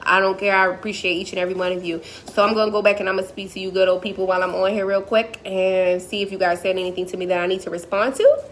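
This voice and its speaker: A woman's voice: mid-range voice, fairly even intonation, fast, slight background noise. A woman motivational speaker on a live stream, talking emphatically and repetitively in a preacherly way.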